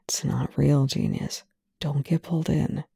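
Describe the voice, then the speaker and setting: A wry male military officer speaks gently and low, as a storyteller puts him on. His voice is dark and gravelly, close to the mic with no room sound. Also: wildly swooping pitch, measured pace, dry recording, full character voice. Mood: gentle.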